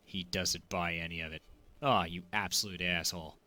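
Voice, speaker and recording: A man giving excitable gameplay commentary, exclaiming and joking as he plays. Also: low-pitched, normal speed. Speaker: gaming video creator.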